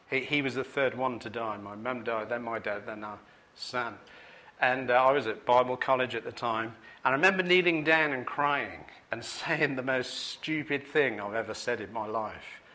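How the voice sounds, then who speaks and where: Earnest preacher with a bright tone. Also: male voice, mid-range voice. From Manchester, England. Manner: earnest storytelling, drops to a soft voice on grief. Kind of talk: personal testimony sermon. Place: meeting hall.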